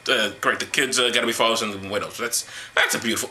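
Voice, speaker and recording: A man's voice: lowish voice, fairly even intonation, quick pace, bright, forceful tone, slight background noise. A man hosting a solo commentary, reading verses aloud and mocking them with irreverent, sarcastic asides. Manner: mocking, irreverent, with exaggerated sighs and hums. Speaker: host of an atheist commentary series.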